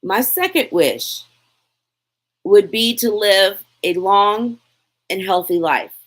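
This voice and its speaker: A woman's voice: mid-range voice, takes it slowly. A woman, chatting casually on a live stream from her phone and answering viewer questions. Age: 40s. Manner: chatty, lively, laughs often, reads comments aloud. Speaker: lifestyle vlogger, live Q&A host.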